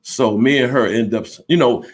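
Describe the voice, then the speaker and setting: A man's voice: mid-range voice, normal speed, slightly rough. A man in his fifties telling a personal story bluntly and candidly, swearing freely and acting out both sides of an argument. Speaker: storyteller recounting his life.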